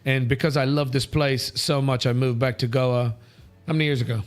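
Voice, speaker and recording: A man's voice: medium pitch, fairly even intonation, a little fast, faint music behind. A man from India hosting a live talk show, blunt and joking, swearing now and then as he reads out viewer comments. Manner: blunt, brash, swears and jokes while reading comments. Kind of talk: casual live show chat. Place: studio.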